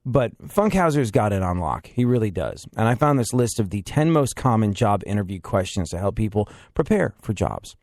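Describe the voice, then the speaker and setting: A man's voice: on the low side, big pitch swings, moderate pace, few pauses, a little mellow, no echo, studio quality. Rambling, wry male podcast host. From England. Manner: wry, rambling, self-deprecating. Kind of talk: casual chat.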